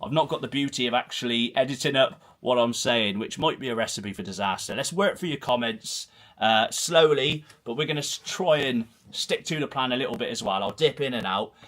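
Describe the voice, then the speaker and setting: A man's voice: mid-range voice, fairly quick, a bit bright. A man in his thirties with a Herefordshire and Gloucestershire accent, hosting a casual football livestream from a small home room, rambling and self-deprecating as he reads comments. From Herefordshire, England. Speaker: host of a football channel livestream. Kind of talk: casual solo livestream chat, reading comments.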